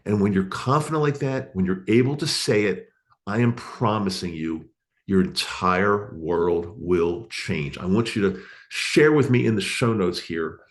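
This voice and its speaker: A man's voice: on the low side, lively intonation, normal speed. A man hosting his podcast alone, talking in an earnest, encouraging way and repeating his phrases, into a studio microphone. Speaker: podcast host. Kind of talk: casual podcast monologue.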